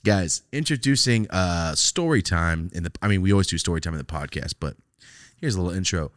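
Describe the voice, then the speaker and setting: A man hosting a casual podcast, telling stories in an animated way, swearing freely and laughing often. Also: deep voice, brisk, dry recording, studio quality. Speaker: podcast host.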